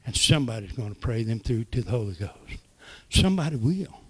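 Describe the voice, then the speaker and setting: An older man preaching, telling folksy stories that swing from soft asides to loud exclamations. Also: medium pitch, big pitch swings, brisk, breathy edge. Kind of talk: sermon testimony.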